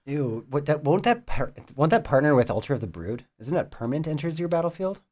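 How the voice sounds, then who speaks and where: Lively, jokey man on a podcast. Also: fairly high pitch, fairly quick. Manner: jokey and enthusiastic. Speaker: podcast co-host. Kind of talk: casual chat.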